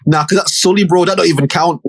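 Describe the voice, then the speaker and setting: A young man co-hosts a casual banter podcast, animatedly recapping a TV show and swearing a lot. His voice sits on the high side and moves fast, with a loud crowd in the background.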